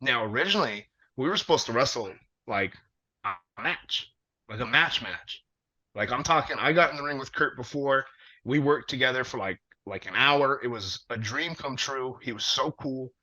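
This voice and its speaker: A man, a wrestler, telling a long story in casual conversation, animated and profane with plenty of fillers. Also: medium pitch, normal speed. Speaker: wrestler guest. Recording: dull lo-fi audio.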